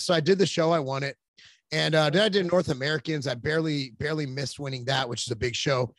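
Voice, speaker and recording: A man's voice: fairly high pitch, fairly quick, a bit bright, dry recording. A man in his forties, a podcast guest, telling long rambling stories in casual chat with plenty of cursing. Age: 40s. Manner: rambling, profane storytelling.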